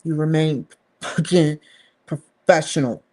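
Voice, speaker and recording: A woman's voice: low voice, steady tone, takes it slowly, mellow. A woman talking to the camera in a rambling, candid vlog monologue, swearing freely and leaning hard on stressed words. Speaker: vlogger.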